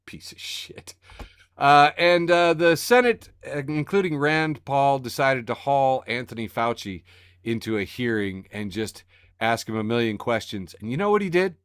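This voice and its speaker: A man co-hosting a casual podcast, sarcastic and animated, often breaking into laughter. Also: medium pitch, moderate pace, clean tone, no echo, clean studio sound. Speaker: podcast co-host reading the news. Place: home studio on a video call.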